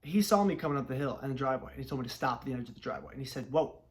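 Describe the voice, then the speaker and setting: A young man from Los Angeles telling a personal story in a lively, chatty vlog. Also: mid-range voice, racing. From Los Angeles, United States. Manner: lively, chatty, acts out family dialogue. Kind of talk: casual storytelling.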